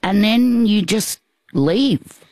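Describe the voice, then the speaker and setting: Slow, halting Australian woman. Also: mid-range voice, a little mellow, no room sound. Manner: halting, with many restarts and asides. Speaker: guest. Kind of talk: personal storytelling in conversation.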